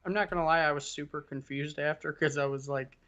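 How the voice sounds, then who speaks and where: A man's voice: on the high side, fairly even intonation, fairly quick, pushed and bright. A man co-hosting a podcast, chatting casually in a laid-back, hesitant way. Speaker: podcast co-host. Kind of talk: casual chat.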